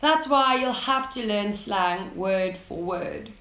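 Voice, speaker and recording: A woman hosting an English lesson channel, explaining tips in a clear, deliberate way and stressing key words. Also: medium pitch, lively intonation, sharp tone. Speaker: English teacher, channel host. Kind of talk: scripted lesson to camera. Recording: roomy echo.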